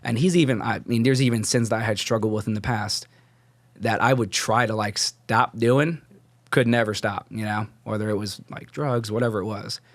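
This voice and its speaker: A man's voice: lowish voice, steady tone, moderate pace, dry recording. A young man telling his personal faith story as a podcast guest, casual and rambling, full of "like" fillers and restarts. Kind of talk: casual testimony.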